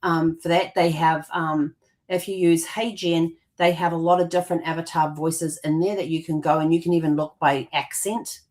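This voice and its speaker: Woman with a lowish voice, rambling chat. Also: little pitch movement, moderate pace, a little mellow. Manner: rambling, with many fillers and restarts. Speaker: co-host. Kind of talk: casual conversational explanation.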